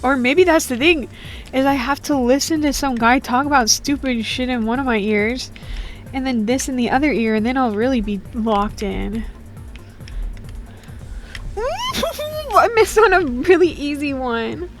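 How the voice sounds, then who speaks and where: A woman's voice: fairly high pitch, moderate pace, soft background music. A woman giving casual, joking, rambling commentary while playing a game, full of slang. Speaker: gaming streamer.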